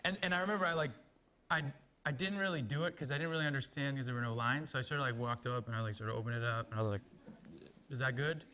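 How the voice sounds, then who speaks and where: Bright, stammering man telling a story. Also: medium pitch, steady tone, slight background noise. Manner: halting, stammering restarts, laughing while telling. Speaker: actor telling a story on a talk show. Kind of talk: anecdote played from a talk show interview.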